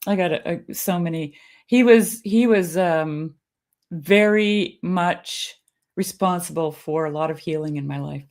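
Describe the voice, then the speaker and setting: A middle-aged woman, a guest, telling stories in a casual, animated way, often laughing and acting out what others said. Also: a little slow. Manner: animated, laughing storyteller who acts out quotes in a varied pitch. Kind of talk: casual conversational storytelling.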